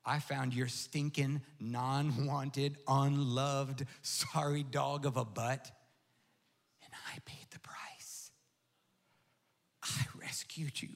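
A preacher voicing the Lord as a tender, solemn male divine figure, speaking low and hushed in a sermon story. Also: little pitch movement, slow, creaky, hardly any pauses.

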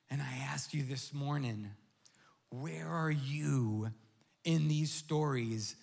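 A male pastor delivering a sermon with animated storytelling and emphatic, repeated phrases. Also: mid-range voice, slow pace, gravelly.

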